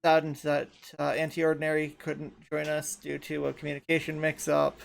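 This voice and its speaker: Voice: mid-range voice, completely flat delivery, a little fast, vocal fry. A podcast host from Canada who says they are tired, chatting casually and rambling with frequent laughs. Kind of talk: casual chat.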